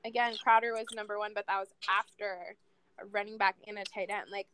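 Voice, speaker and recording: A woman's voice: medium pitch, fairly even intonation, fairly quick, bright, forceful tone, clear, resonant tone, no echo. A woman in her late twenties in casual podcast chat, a candid sports fan who swears freely.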